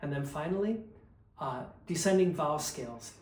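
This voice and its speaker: A man teaching diction drills in a calm, explanatory way, demonstrating each exercise aloud. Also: a little high, moderate pace. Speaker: vocal coach. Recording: roomy echo, faint background noise.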